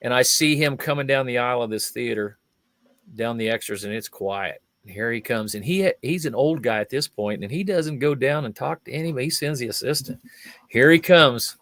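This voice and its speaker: A man's voice: medium pitch, brisk, dry recording. An older man, a guest magician and fire eater, telling stories in a chat show and acting out the people in them. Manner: lively storyteller, acts out quoted voices. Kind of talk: anecdotal storytelling in a chat show.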